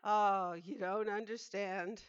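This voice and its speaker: A woman's voice: mid-range voice, fairly even intonation, takes it slowly, clear, resonant tone, no room sound, close to an everyday voice. A pleading little teacup, as a woman reads it. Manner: pleading, crying out. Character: suffering little teacup being made. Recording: dull dry lo-fi recording.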